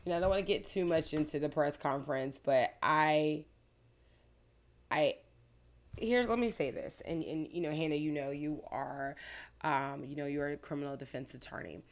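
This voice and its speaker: A woman's voice: deep voice, normal speed. A woman attorney from Florida giving earnest, detailed answers as an interview guest. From Pinellas County, Florida.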